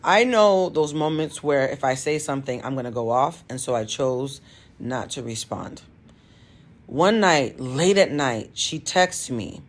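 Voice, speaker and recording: A woman who works as a tarot reader and coach, telling a personal story in a direct, emphatic way. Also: low-pitched. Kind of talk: storytime monologue.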